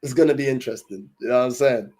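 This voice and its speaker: A man's voice: medium pitch, racing, dark tone. A young man chatting casually to his livestream viewers, in laid-back, slang-heavy talk full of fillers. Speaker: livestream host.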